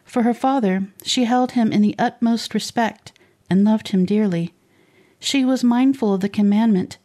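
A woman reading a saint's life aloud for children, in a slow, measured storybook narration. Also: on the high side, mellow. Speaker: reader of saints' lives for children.

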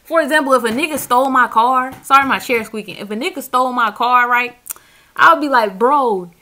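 A tarot reader with a high, sharp voice talks fairly quickly, chatting casually and profanely to the camera while laughing a lot. She sits indoors on a chair that squeaks.

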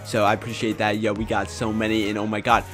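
A young man commentating his own gameplay in a casual, excitable way, often breaking into shouts. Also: on the low side, quick pace, soft background music. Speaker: gaming YouTuber.

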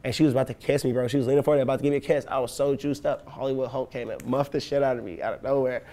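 A young man from Chicago, a rapper, telling profane, animated stories in a casual interview and acting out the people he quotes. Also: medium pitch, very fast.

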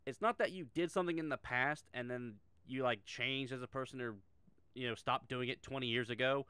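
A man's voice: medium pitch, fairly even intonation, a little fast, pushed and bright, clean tone, no echo. Sarcastic, profane middle-aged man. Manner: sarcastic, swears a lot, frequent restarts. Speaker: commentator reacting to a video. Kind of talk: profane casual reaction commentary.

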